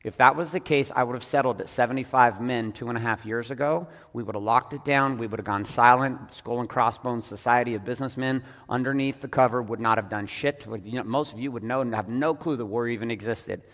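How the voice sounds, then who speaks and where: A man's voice: medium pitch, fairly quick, few pauses. Blunt, profane man speaking in a reverberant hall. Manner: blunt and profane, swings from loud emphatic bursts to hushed intensity. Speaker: business coach speaking to an audience. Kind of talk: profane motivational talk on stage.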